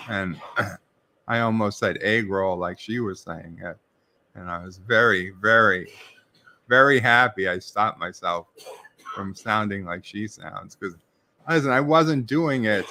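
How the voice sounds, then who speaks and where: There's slight background noise behind this fairly low, bright, forceful male voice. A middle-aged live stream host with a New York accent, he goes through viewers' chat messages out loud and responds casually while reviewing a TV episode.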